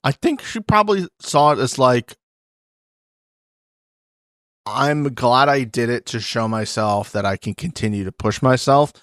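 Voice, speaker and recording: Guy cohosting a podcast, chatty and animated, mid voice, dry close mic. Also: mid-range voice, moderate pace, dry recording. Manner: animated, acts out quotes in put-on voices. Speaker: podcast co-host. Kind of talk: casual recap chat.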